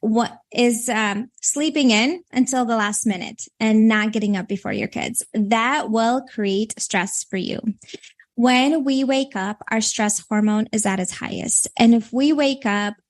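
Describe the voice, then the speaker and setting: A woman with a Minnesota accent talks as a guest on a podcast. Her voice sits a little high, and her speech rambles, full of "like" and "you know" as she works through her thoughts. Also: measured pace. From Latvia. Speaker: stress coach guest. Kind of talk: podcast interview.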